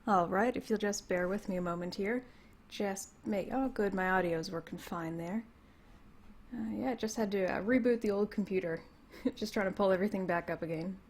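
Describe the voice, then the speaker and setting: A young woman with a Canadian accent, a little hoarse from losing her voice, rambling through a casual livestream from home, laughing often. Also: medium pitch, moderate pace. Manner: rambling, laughs often, reads chat comments aloud. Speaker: livestream host. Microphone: computer mic.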